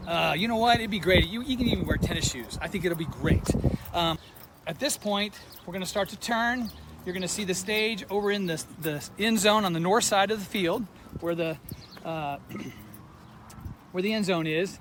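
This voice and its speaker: A man's voice: sits high, normal speed. A man who works at a school, walking outdoors while giving chatty step-by-step directions, a little out of breath, with many fillers. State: slightly out of breath. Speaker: school administrator. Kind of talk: walkthrough video instructions. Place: outdoors at a school sports field. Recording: noisy outdoor phone recording.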